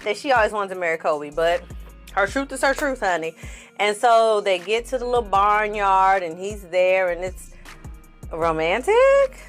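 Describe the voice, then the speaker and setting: A woman's voice: medium pitch, sing-song, unhurried, faint music behind. A woman giving a casual reaction commentary on a TV show, blunt and sassy, swearing freely and talking straight to her viewers. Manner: talks straight to the audience. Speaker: TV reviewer.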